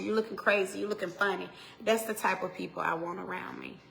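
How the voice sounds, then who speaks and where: A woman minister in her forties delivers a motivational exhortation to her viewers. Her voice is gravelly, with a bright, forceful edge. She hammers her points with repetition and moves between loud urging and quiet asides. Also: mid-range voice, steady tone, fast, hardly any pauses, a little hiss or hum. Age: 40s.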